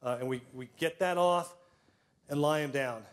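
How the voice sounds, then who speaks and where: Middle-aged guy telling self-deprecating stories, acts out scenes, kinda high voice. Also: moderate pace. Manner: frequent throat clearing. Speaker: storyteller. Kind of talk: personal storytelling to a live audience.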